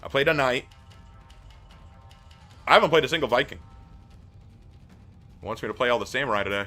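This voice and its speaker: Young man, gaming streamer, lively swooping pitch, bright voice, game music behind. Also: moderate pace. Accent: mild Southern US, mostly suppressed. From American South. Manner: animated, chatty, teasing, laughs often. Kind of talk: casual live-stream commentary.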